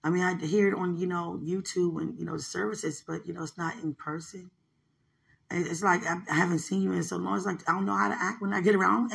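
Gravelly-voiced woman with a heartfelt message. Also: lowish voice, steady tone, fairly quick. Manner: rambling, full of "you know", religious phrases; emotional, swings between soft talk and tearful laughing. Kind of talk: heartfelt spoken message to a minister.

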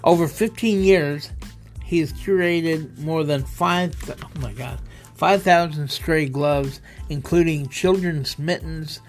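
A man's voice: a little high, takes it slowly, soft background music. A man hosting a casual solo podcast, reading odd news stories in a loose, rambling way and stumbling over words. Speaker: podcast host.

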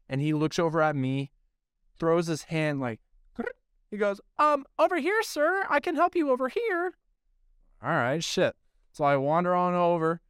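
A man's voice: a little high, smooth, dry recording, studio quality. A man hosting a podcast, telling a casual story in a rambling, profane way with lots of filler words. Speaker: podcast host.

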